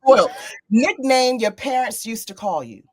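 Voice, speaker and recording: A woman's voice: a little high, lively intonation, normal speed. A woman hosting a casual interview, upbeat and playful with emphatic delivery. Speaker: podcast host.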